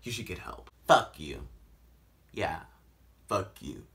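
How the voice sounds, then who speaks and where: Man doing a creepy young guy on the phone, low voice, slow, leering, quiet. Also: lively intonation, exaggerated voice.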